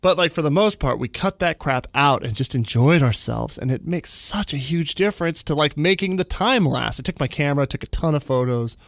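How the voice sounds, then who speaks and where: Brisk and gravelly, barely pausing, a solo podcast host recounts a trip and rants casually. When ranting, his voice jumps around animatedly in exaggerated leaps of pitch, in a dry recording with clean studio sound.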